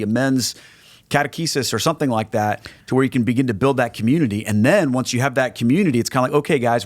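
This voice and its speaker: A man's voice: medium pitch, dry recording. A middle-aged man, a guest on a podcast, answering questions in an earnest, conversational way and often restarting his phrases. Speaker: guest, Catholic evangelist.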